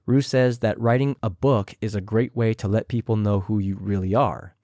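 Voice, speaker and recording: A man's voice: steady tone, moderate pace, darkish tone, dry recording, clean studio sound. A young man hosting a podcast, casually recapping a reality show and sometimes imitating the people he quotes. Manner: chatty, mimics others in a higher voice.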